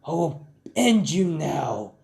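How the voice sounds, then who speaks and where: A man's voice: fairly high pitch, sing-song, slow, gravelly, mellow, heavily acted. A man voicing a proud, determined adult male superhero in a fan-made audio story, speaking in a declaring, heroic way.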